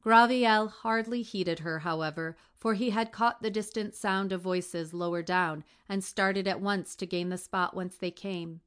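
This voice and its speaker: A woman's voice: medium pitch, steady tone, unhurried, few pauses, fairly bright tone, smooth. A woman reading a classic adventure novel aloud as narration, lightly shifting her voice for the characters' lines. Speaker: audiobook reader. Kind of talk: scripted narration.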